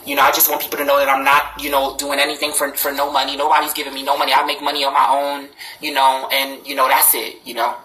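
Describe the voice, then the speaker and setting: A man's voice: medium pitch, monotone, fast talker, few pauses, sharp tone. A man talking casually to live-stream viewers, blunt and profane, his voice jumping up when he gets indignant. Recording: roomy echo.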